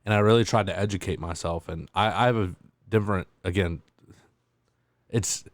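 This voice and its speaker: Man, podcast host, very low voice, hesitant rambling delivery, dry close sound. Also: moderate pace, no room sound. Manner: rambling, hesitant, many fillers. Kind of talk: casual chat.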